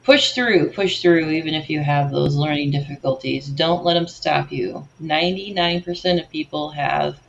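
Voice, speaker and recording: A woman's voice: sits low, vocal fry, lo-fi sound, slight background noise. A woman in her forties co-hosting a livestream, chatting casually over photos, tripping over words and laughing at herself. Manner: self-deprecating, stumbles over words and laughs. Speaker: co-host of a livestream slideshow.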